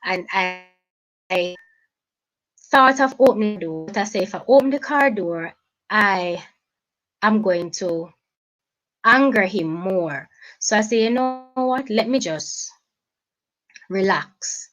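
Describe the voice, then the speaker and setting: Jamaican woman, mid-pitched, halting, restarts phrases, emotional personal account; talk-show guest. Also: expressive, fairly bright tone, low-quality recording.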